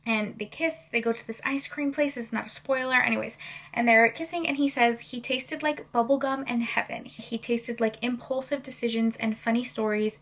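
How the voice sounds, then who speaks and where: A woman's voice: a little high, steady tone, moderate pace, fairly bright tone. A woman in her twenties chatting in a reading vlog, bubbly and gushing, with lots of fillers. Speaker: book vlogger.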